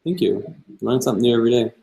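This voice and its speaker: A man's voice: medium pitch, expressive, very fast, vocal fry, mellow, poor audio. A young man hosting a live-stream Q&A, answering viewer questions in an easygoing way and thinking aloud as he goes. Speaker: travel vlogger host.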